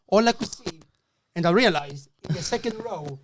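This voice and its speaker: A man telling a comedy gig story on a podcast, animated and swearing as he acts out the people in it. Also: high-pitched, normal speed. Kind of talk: casual podcast anecdote.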